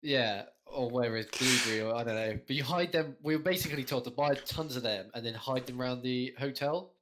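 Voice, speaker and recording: A man's voice: mid-range voice, brisk, fairly bright tone, slight background noise. A young man, co-hosting a podcast in a rambling, storytelling way with a lot of swearing. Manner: rambling storyteller, heavy swearing, frequent laughs. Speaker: podcast co-host. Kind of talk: casual chat.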